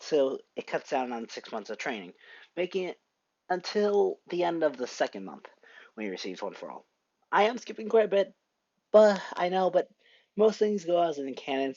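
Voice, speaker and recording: A man casually narrating a fan story, halting often and correcting himself. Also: medium pitch, a little mellow, no room sound, muffled recording. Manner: halting, with frequent self-corrections.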